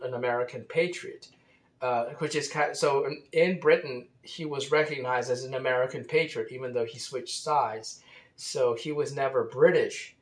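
A man telling a history story casually, pausing with many fillers and restarting his sentences. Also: mid-range voice.

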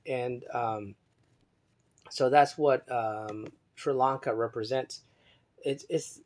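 A man talks on his own in a meandering monologue, reading from an article as he goes. His voice sits at an ordinary middle pitch. He hesitates often, restarts phrases, and spells out words one letter at a time, drifting between soft muttering and louder emphasis.

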